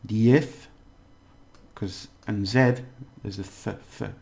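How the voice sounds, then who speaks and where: A man giving a casual language lesson, explaining slowly and repeating words, with many fillers. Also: lowish voice, steady tone, gravelly, a little mellow. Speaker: language teacher.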